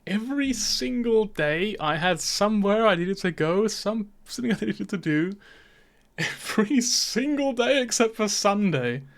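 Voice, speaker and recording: A man chatting on a game stream in a fairly high voice, talking straight into a dynamic microphone. He rambles from one thought to the next and swears freely. He laughs his way through his own stories. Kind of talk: casual stream chat.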